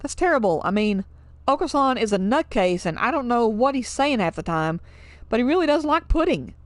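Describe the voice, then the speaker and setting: A woman's voice: a little high, very animated, brisk, dry recording. A young woman hosting a let's play of a dating game, chatting casually, swearing often and laughing as she reacts. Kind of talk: game commentary.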